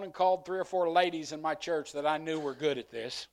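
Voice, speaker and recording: A middle-aged pastor tells a story from the pulpit, slightly high-voiced for a man. He acts out the back-and-forth of conversations, his voice climbing as the tale builds. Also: fairly quick. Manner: animated storyteller, acting out both sides of conversations. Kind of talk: sermon storytelling.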